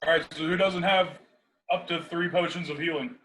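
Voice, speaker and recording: A man at a game table, casually sorting out details. He speaks in a matter-of-fact way with a slightly high voice. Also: steady tone, normal speed, fairly bright tone, poor audio. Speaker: player.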